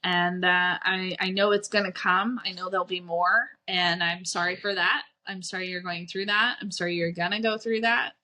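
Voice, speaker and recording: A woman's voice: on the low side, fairly even intonation, moderate pace, hardly any pauses, bright, forceful tone. A woman life coach and podcast host, talking frankly and reflectively in a solo monologue, swearing casually and often asking "right?".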